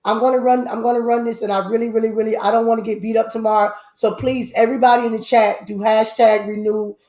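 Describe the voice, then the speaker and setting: A woman hosting a casual live-stream chat, animated, with loud outbursts and a lot of repeating herself. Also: on the high side, quick pace. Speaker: host. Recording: echoey room.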